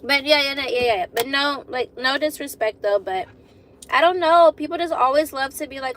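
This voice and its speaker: A woman's voice: high-pitched, normal speed, fairly bright tone, slight background noise. A woman in her twenties chatting casually with viewers on a phone live stream, laughing often and repeating herself. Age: 20s. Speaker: vlogger hosting a live stream.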